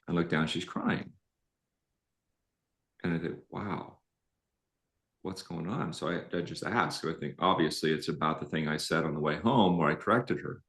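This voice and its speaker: A middle-aged man co-hosting a live relationship talk, telling a story in an animated, self-deprecating way. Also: a bass voice, moderate pace. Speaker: relationship coach co-host. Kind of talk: live-streamed conversational talk. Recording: roomy echo.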